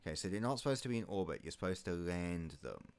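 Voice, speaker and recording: This New Zealand man speaks quickly in a low voice that swings widely in pitch. He's a gaming YouTuber doing laid-back let's-play commentary, wandering through wry asides while quietly muttering which menu options he's picking.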